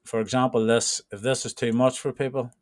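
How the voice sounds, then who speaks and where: A man's voice: mid-range voice, level tone, brisk, dry recording. A man with an Irish accent, a trading mentor who walks new members through his group in a rambling, informal way. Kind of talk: casual screen-share walkthrough.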